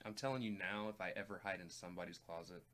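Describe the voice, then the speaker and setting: A man's voice: deep voice, quick pace, a bit bright. A man co-hosting a music reaction video in casual chat, speaking earnestly and plainly, often addressing viewers directly. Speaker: reaction channel co-host.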